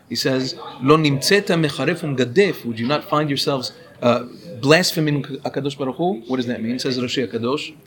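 A man teaching a class, explaining and asking his students questions as he goes. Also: mid-range voice. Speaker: Torah teacher. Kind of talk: classroom lecture on Hebrew pronunciation.

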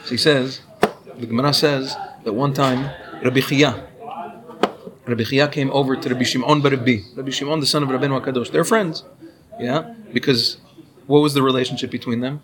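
A man's voice: mid-range voice, steady tone, a little fast, crowd noise. A man teaching a class, explaining and asking his students questions as he goes. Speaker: Torah teacher. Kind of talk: classroom lecture on Hebrew pronunciation.

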